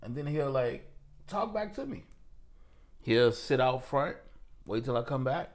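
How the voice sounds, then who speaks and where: Animated man telling a spooky story. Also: medium pitch, unhurried. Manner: animated storyteller, acts out voices in his stories. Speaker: podcast guest. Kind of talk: casual storytelling.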